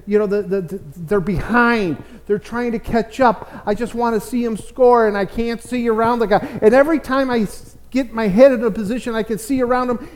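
A middle-aged American pastor gives a chatty sermon, rich with folksy anecdotes. His voice sits high for a man, and he stumbles over repeated words as a point gathers steam. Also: moderate pace, in a large hall. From United States. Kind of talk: conversational sermon.

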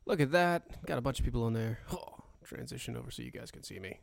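A man's voice: mid-range voice, fast, creaky, no room sound. A man hosting a livestream, casually chatting with viewers and humming to himself while setting up. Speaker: livestream show host. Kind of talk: casual pre-show chat to viewers.

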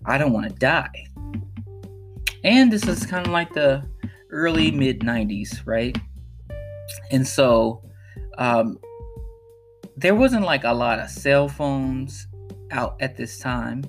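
A man's voice: medium pitch, animated, slow pace, pauses often, faint music behind. Earnest man telling a personal story. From Chicago. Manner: earnest, emphatic, repeats phrases for emphasis. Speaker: podcast host.

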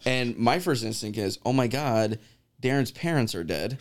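A man's voice: medium pitch, normal speed. A young man in casual podcast chat, telling stories and acting out the people in them. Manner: animated storyteller acting out quoted voices.

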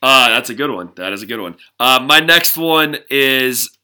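A man's voice: mid-range voice, lively intonation, moderate pace, sharp tone, smooth. A man co-hosting a casual chat podcast, recapping with frequent laughs. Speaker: podcast co-host.

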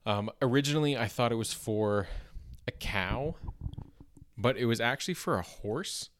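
A man's voice: mid-range voice, moderate pace, no echo, clean studio sound. A young Canadian man with a Canadian accent hosting a comedy podcast, rambling through old notes with lots of fillers, restarts and self-deprecating asides. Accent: Canadian English. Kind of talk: casual rambling comedy monologue.

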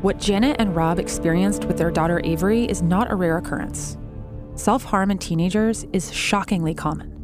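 A woman narrates a documentary in a lowish voice, measured and informative. Clear background music runs under her scripted lines.

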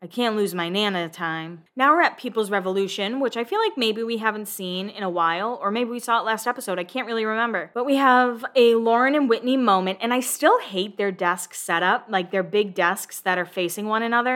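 A woman with a bright, forward voice chats casually as a show host, swearing freely and breaking into laughs. She keeps a loose, conversational recap going. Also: mid-range voice.

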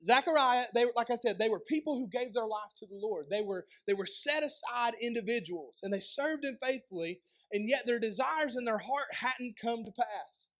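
A young pastor with a Southern East Tennessee accent and a strikingly high voice for a man. He preaches in a conversational way, tossing out rhetorical questions and quick joking asides to the congregation. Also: expressive, a bit bright. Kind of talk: sermon.

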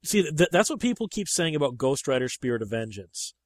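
A man hosting a casual movie chat, talking in an animated, emphatic way. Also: brisk, no room sound. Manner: animated and emphatic, with sharp rises in pitch when making a point.

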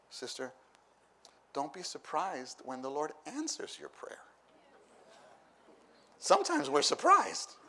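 A man of middle pitch gives a conversational sermon, talking with his listeners rather than at them. He repeats phrases for emphasis and acts out the people in his stories. Faint ambient noise sits behind his voice. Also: vocal fry, pushed and bright. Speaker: preacher.

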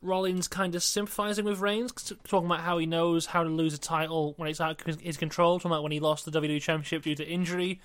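A man's voice: fairly high pitch, little pitch movement, fast, hardly any pauses, a bit bright, dry recording. A young British man co-hosting a casual wrestling review podcast, recapping matches with playful quoted asides. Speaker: podcast co-host.

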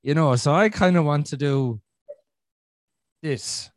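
A man's voice: a little high, slow, dry recording, clean studio sound. An Irish man hosting a podcast in casual chat, rambling with frequent restarts and swearing. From Ireland. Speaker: podcast host.

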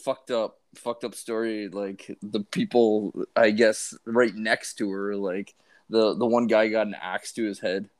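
A young man chatting casually with a friend, reacting in a relaxed, profane way. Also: on the low side, measured pace. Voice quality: laid-back, profane reactions. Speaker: friend in chat. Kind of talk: casual chat.

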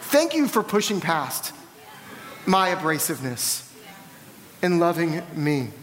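Animated high-voiced preacher. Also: male voice, slow, in a large hall, a little hiss or hum. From American South. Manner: candid storytelling, animated and self-deprecating. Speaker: pastor. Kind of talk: sermon. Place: church hall.

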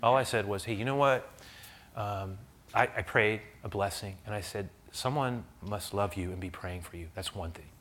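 A pastor telling a personal story in a sermon, talking conversationally with many restarts and rising to loud, high preaching at its peaks. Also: male voice, moderate pace.

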